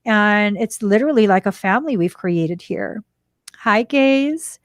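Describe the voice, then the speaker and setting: A spiritual podcast host speaks at normal speed in a medium-pitched voice, recorded dry and at studio quality. Her storytelling is heartfelt and animated, full of emotion and quoted dialogue she acts out.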